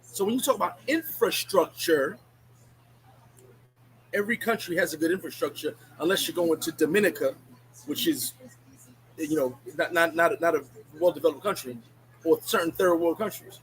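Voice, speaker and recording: Animated blunt man ranting on a livestream. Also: fairly high pitch, normal speed, rough recording. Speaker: livestream host. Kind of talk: casual live-stream rant.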